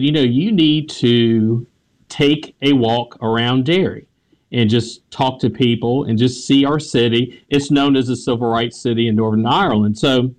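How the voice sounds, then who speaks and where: A man with a Southern American accent tells a story as a radio interview guest. He is animated, laughs often and sometimes stumbles over repeated words, in an ordinary mid-range voice. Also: mid-range voice. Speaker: author, history teacher.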